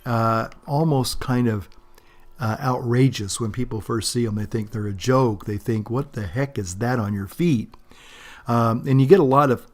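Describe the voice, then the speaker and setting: A man talking in a casual, rambling unboxing vlog, chatty and full of restarts. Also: mid-range voice. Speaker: vlogger.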